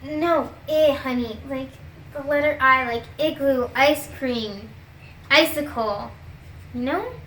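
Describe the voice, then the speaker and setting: A young woman in a comedy sketch, playing a teacher who spells out words slowly with exaggerated patience. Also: sits high, a bit bright, roomy sound, a little hiss or hum. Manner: exaggerated, patient-then-exasperated teacher delivery, stretches out words.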